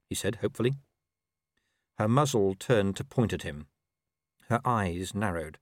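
A man narrating an audiobook with wry, animated storytelling. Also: lowish voice, normal speed, pauses often, dry recording, clean studio sound.

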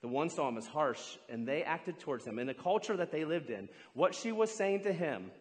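A man preaches with high energy and keeps urging the congregation to join in. His voice sits high. He is heard in a large church hall with a long reverb. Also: a little fast. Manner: energetic, hypes up the crowd. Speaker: pastor. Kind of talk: sermon with audience participation.

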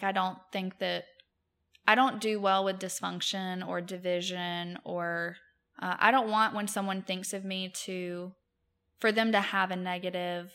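A woman's voice: medium pitch, vocal fry, sharp tone. A woman, telling stories as a podcast guest, chatty with many fillers and frequent laughs. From Mobile, Alabama, US. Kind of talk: casual chat.

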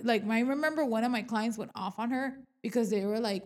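Fairly high-pitched and brisk, with hardly any pauses, a young woman chats frankly on a casual podcast she co-hosts. She works as a real estate agent and is animated throughout, swearing and using fillers often and voicing the people she quotes.

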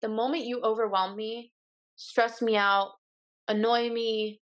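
A woman's voice: a little high, little pitch movement, a little slow. Blunt young woman in casual chat. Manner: blunt and candid, acts out quoted lines in her own voice. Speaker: podcast guest.

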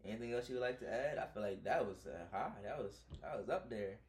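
A man co-hosting a podcast in a relaxed way, mostly adding short agreeing replies and closing the episode. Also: mid-range voice, fast, slight background noise. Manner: laid-back, short affirming replies. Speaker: podcast co-host. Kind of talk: casual podcast chat.

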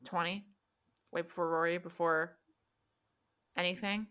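A woman voicing a weary, regretful monster hunter who speaks in halting, hesitant confessions. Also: lowish voice, steady tone, bright, forceful tone, clear, resonant tone. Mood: wistful.

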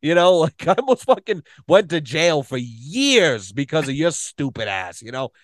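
A man telling a long story on a podcast, animated and full of swearing. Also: fairly high pitch, measured pace, no room sound. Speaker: podcast guest. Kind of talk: casual storytelling.

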